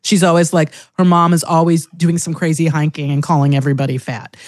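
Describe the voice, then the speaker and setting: A woman's voice: low-pitched, fast talker, dry recording, clean studio sound. A woman in a casual group chat, telling stories with humor and acting out what others would say. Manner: expressive, comic, acts out quotes.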